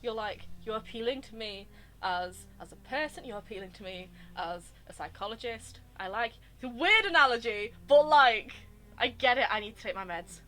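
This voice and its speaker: A woman's voice: a little high, lively intonation, normal speed, a bit bright, faint music behind. A woman streaming a game, chatting casually in a gushing, rambling way. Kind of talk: casual live-stream chat over gameplay.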